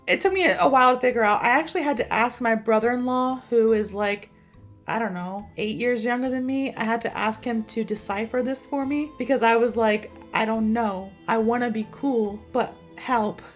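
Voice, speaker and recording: Chatty high-voiced woman teaching slang. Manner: chatty, animated, acts out quotes. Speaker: English teacher. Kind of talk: casual storytelling lesson.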